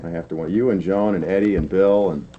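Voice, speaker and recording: A man hosting a television talk show, briskly questioning his guest. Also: deep voice, steady tone, highs cut off. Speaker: TV show host. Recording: noisy old TV broadcast.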